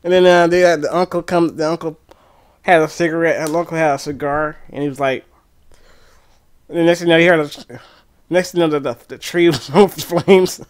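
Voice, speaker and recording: A man chatting casually on a live game stream from home, animated and excitable, often laughing. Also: a little high, a little fast, clean tone. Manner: animated, excitable, often laughing and breaking into movie-line impressions. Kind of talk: casual live-stream chat while playing.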